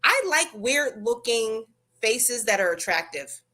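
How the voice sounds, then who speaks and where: A woman's voice: fairly high pitch, very animated, a little slow, sharp tone. A woman co-hosting a casual live stream, chatty and gushing, wandering into rambling asides. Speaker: co-host.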